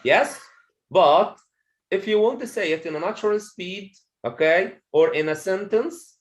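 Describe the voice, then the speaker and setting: A man's voice: sits high, unhurried. A man teaching a pronunciation lesson to a classroom of students, repeating phrases and checking understanding with "okay?". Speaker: English teacher.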